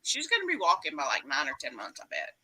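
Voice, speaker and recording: Bright Texan woman hosting a livestream. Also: deep voice, huge pitch swings, fast talker, slightly rough, low-quality recording. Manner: chatty, teasing, greets viewers. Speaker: livestream host. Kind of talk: casual live-stream chat.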